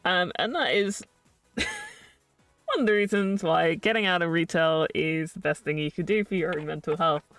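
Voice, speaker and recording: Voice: mid-range voice, wildly swooping pitch, normal speed, a bit bright, no echo, distant mic. Young adult streamer, chatty and sarcastic, mid-range voice, dry room, faint music under. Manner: chatty, sarcastic ranting with frequent laughs. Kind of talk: casual live-stream chat while building.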